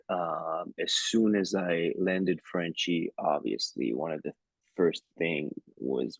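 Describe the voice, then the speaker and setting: A man's voice: low voice, creaky, slightly rough, no room sound. A man with an Israeli accent chatting playfully as an actor guest in a video-call interview, with many fillers and restarts.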